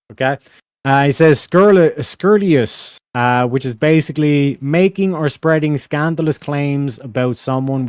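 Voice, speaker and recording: A man's voice: fairly high pitch, smooth, no echo. Young man, livestream host, rambling slangy chatter, dry close sound. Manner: rambling, full of filler phrases and slang. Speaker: livestream host reading donations. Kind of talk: casual livestream chat.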